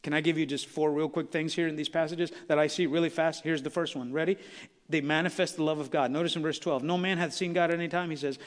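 A man's voice: on the high side, fairly even intonation, quick pace. A male pastor preaching a sermon in a church, conversational and full of rhetorical questions. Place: church sanctuary. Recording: long church hall reverb.

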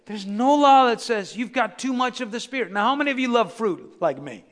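A middle-aged male pastor preaching a sermon, swinging between loud exhortation and hushed, intimate storytelling. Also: very high voice, expressive, brisk. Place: church sanctuary. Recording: long reverb in a large church hall.

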